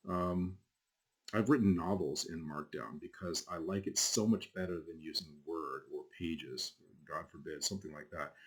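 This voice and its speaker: Man, deep low voice, college instructor, casual rambling lecture, lots of ums, keyboard clicks behind. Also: darkish tone, slightly rough. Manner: casual, rambling, with frequent fillers and asides. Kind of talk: screen-recorded lecture.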